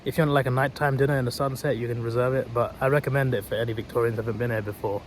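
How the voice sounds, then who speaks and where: Young male vlogger, twenties, casual and chatty, slightly hoarse, handheld phone outdoors with clear traffic noise. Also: medium pitch, steady tone, very fast. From England. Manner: chatty, laughs often, casual slang. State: losing his voice. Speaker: travel vlogger. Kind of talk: casual vlog chat.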